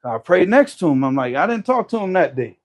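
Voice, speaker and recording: A man telling a story in casual conversation, animated, often restarting his sentences. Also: high voice, quick pace. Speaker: storyteller guest.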